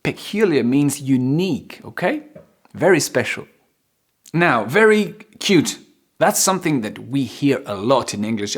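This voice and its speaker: A man teaching English vocabulary, repeating and stretching key words for emphasis in a playful, expressive way. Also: mid-range voice, measured pace. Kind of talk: vocabulary lesson.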